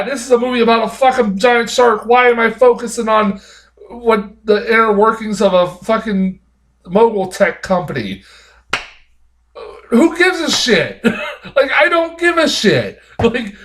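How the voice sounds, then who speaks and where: A man with a slightly bright, higher voice gives a casual spoken movie review. He rants in an exasperated, profane way, laughing often and rambling through restarts.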